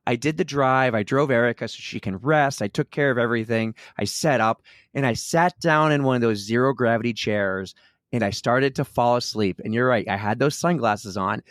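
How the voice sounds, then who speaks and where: A man co-hosting a running podcast in casual chat, telling animated stories and mimicking others. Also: moderate pace, no room sound, clean studio sound. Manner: animated storyteller, mimics others in high voices. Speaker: podcast co-host.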